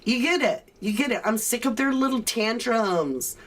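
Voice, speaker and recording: A woman's voice: fairly high pitch, expressive, moderate pace. A woman hosting a livestream, reading viewer comments and ranting sarcastically. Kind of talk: casual chat.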